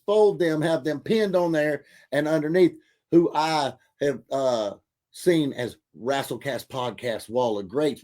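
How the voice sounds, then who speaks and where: A man in a middle pitch hosts a podcast with loose, excitable energy. He stumbles through plenty of "uh" and restarts and relays what viewers say. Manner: hyped, filler-heavy, reads out viewer comments. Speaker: podcast host. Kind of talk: casual podcast chat.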